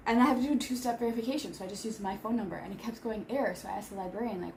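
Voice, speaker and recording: A woman's voice: mid-range voice, very fast, vocal fry, hardly any pauses, noisy background. A woman in her thirties chatting casually on a vlog while eating, rambling with lots of filler words. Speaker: vlogger. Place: home in Seoul.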